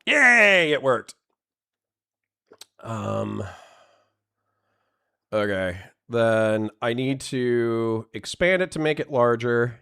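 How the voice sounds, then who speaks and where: A man's voice: mid-range voice, slow, gravelly, pauses often, clean tone. A man livestreaming, talking straight to his chat audience, swearing freely and breaking into fits of laughter. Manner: giggly, profane, breaks into laughter often. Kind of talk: casual livestream reaction chat.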